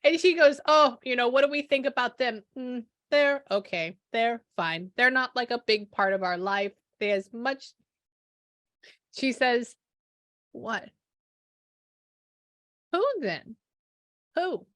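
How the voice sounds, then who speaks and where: A woman psychic medium recounting a reading to a client in lively back-and-forth, acting out the dialogue she quotes. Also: on the high side, measured pace, dry recording. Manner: animated, acts out quoted dialogue, frequent "I go, she goes". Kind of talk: relaying a spirit reading to a client.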